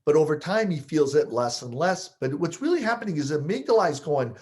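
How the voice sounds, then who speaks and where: A man coaching listeners on triggers, explaining with lively stories he partly acts out. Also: a little high, fairly quick, hardly any pauses. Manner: animated storyteller, acts out scenes. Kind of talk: explaining with stories, podcast talk.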